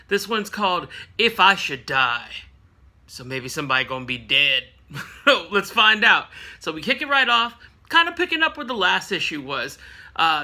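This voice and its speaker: Bright high-voiced man recapping comics. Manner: laid-back, slangy, acts out characters with quick voices. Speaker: comic book reading show host.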